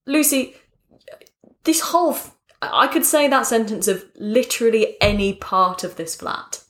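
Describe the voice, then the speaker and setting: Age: 30s. Sex: woman. Pitch: fairly high, swooping. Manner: animated, jokey co-host. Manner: animated, jokey, quick asides. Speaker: podcast co-host. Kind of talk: casual chat. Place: home flat.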